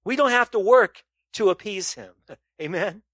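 A pastor preaches a sermon to his congregation, posing rhetorical questions and swinging from loud emphasis to quiet, low asides. He's expressive and a little slow, in studio-quality audio with no room sound.

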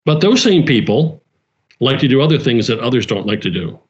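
A man's voice: medium pitch, very animated, brisk, dull audio. A man leading a small church, talking earnestly in casual conversation, repeating himself and restarting his phrases.

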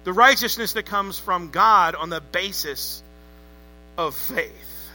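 A man with a high, very bright, cutting voice preaching a sermon. He presses his points hard and calls on the congregation to say words back to him. Soft music plays faintly behind him. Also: slow, low-quality recording. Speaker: pastor.

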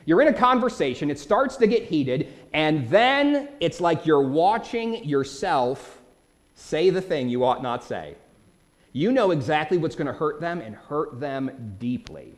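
A man preaching a sermon as pastor, animated, with dramatic quoted outbursts. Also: fairly high pitch, a little slow.

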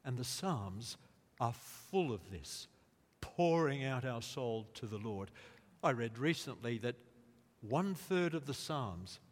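A man preaching a sermon in a slow, deliberate way, rising to emphatic quotes. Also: mid-range voice, expressive. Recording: long reverb of a large hall.

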